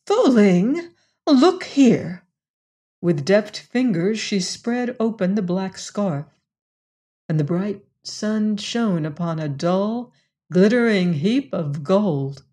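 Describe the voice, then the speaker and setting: A woman narrating an audiobook in a measured, deliberate storytelling manner. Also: mid-range voice, mellow. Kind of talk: scripted narration.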